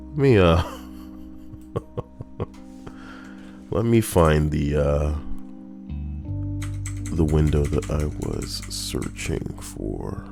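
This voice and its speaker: A man's voice: very deep voice, animated, very slow, vocal fry, long pauses, darkish tone, soft background music. A young man casually reading forum posts aloud and riffing on them, sarcastic and rambling with loose asides.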